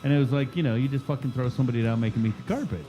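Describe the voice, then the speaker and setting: A man's voice: mid-range voice, very fast, dark tone, faint music behind. A man hosting a casual podcast chat, telling stories with lots of swearing and laughter. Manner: profane, laughing storyteller. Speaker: podcast host, chef and teacher.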